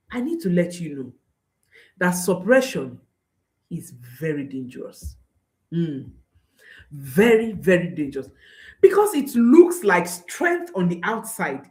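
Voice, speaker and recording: Woman, parenting coach, slow unhurried delivery, expressive pitch, earnest, emphatic, repeats her points. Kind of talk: direct-to-camera parenting talk.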